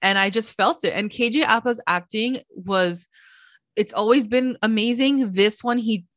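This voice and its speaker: A woman's voice: on the high side, moderate pace, fairly bright tone, dry recording. A woman co-hosting a podcast in a casual recap chat, enthusiastic and full of "like," acting out quotes. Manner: enthusiastic, many "like" fillers, acts out quotes. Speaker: podcast co-host.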